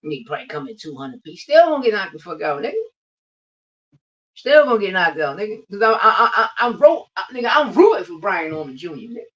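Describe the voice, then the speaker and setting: A man's voice: high-pitched, sing-song, quick pace, fairly bright tone, lo-fi sound. Brash trash-talking man on a distant mic. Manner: brash, profane trash talk; rambling, repeats lines for emphasis. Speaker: podcast host. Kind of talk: casual boxing podcast rant. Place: livestreamed podcast.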